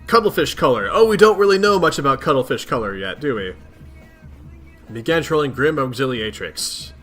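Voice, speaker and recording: A man's voice: mid-range voice, lively intonation, normal speed, a bit bright, soft background music. A man reading a webcomic aloud, chatting playfully with viewers between lines. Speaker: webcomic reader.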